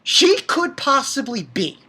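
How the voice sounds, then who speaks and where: An excitable man recaps an anime episode in a loose, unscripted way, often swearing and restarting his sentences. His voice is bright and swings widely in pitch, and he takes his time. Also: takes it slowly. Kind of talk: casual spoken episode recap.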